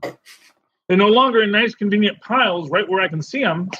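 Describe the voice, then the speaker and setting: A man co-hosting a podcast in casual chat, rambling and animated with many restarts. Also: sits high, moderate pace, slightly rough, dull audio. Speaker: podcast co-host.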